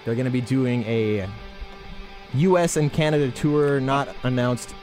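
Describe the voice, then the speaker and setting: A man's voice: mid-range voice, unhurried, a little mellow, faint music behind. A man co-hosting a heavy metal radio show, chatting about band news with self-mocking banter. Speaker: radio co-host. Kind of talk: casual chat.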